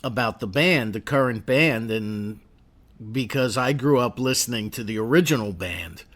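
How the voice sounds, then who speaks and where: A man's voice: medium pitch, moderate pace, a bit bright. A man hosting a radio interview, asking rambling, conversational questions. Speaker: radio host.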